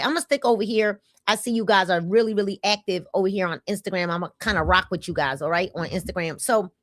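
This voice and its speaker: A woman in her fifties hosting a casual livestream, energetic and repeating calls for viewers to comment. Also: mid-range voice, no room sound, clean studio sound. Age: 50s. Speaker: livestream host.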